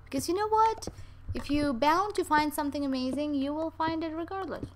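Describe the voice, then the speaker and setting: A woman's voice: high-pitched, brisk, a little hiss or hum. A young woman chatting casually to her viewers and her dogs while playing a game, playful and talkative. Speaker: gaming YouTuber. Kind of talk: casual gameplay commentary. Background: game music.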